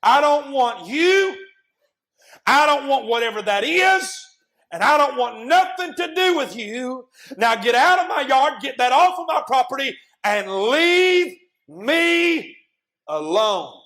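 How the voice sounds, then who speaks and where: A man's voice: very high voice, animated, moderate pace, pitched above the performer's own voice. A man voicing a grumpy, irritated man who grumbles and wants to be left alone. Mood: hostile. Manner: grumbling, dismissive.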